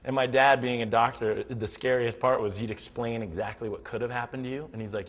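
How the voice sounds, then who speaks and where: A man's voice: medium pitch, brisk, hardly any pauses, dull audio. A man telling a funny story as a talk show guest, acting out the scenes. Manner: animated, acts out the scenes. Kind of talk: comic storytelling.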